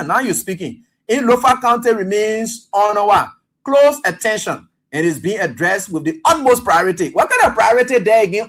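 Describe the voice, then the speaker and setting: Animated Liberian radio host, man. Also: high voice. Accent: Liberian English. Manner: animated, scolding, repeats and stumbles on fillers while reading. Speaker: radio talk show host. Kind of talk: live talk radio commentary.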